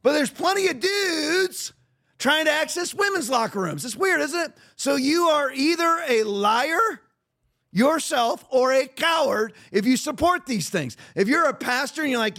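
A man's voice: very high voice, animated, normal speed, pushed and bright. A man hosting a podcast, giving blunt, emphatic and mocking commentary. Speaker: podcast host.

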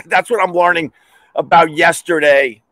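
A fairly high-voiced man hosts a loose, comedic monologue. He talks animatedly, ranting and exclaiming as he goes. The sound is dry and close. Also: a little slow, dry recording. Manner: animated, exclaiming, breaking into laughs and shouted bits. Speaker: host.

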